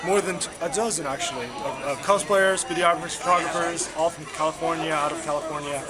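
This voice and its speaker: A man with a Texan accent, a videographer, rambling excitedly with restarts in an outdoor interview at night. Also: a little high, a little fast. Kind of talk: casual interview. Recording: loud crowd outdoors.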